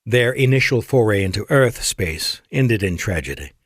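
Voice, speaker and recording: A man's voice: on the low side, animated, normal speed, slightly rough, no echo, clean studio sound. Man narrating a sci-fi audiobook. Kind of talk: scripted narration.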